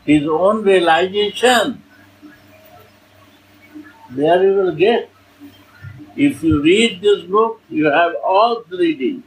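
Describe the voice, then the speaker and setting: A man teaching a devotional class, explaining verses in earnest, halting and repetitive English. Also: high-pitched, lively intonation, roomy sound, low-quality recording. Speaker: spiritual teacher.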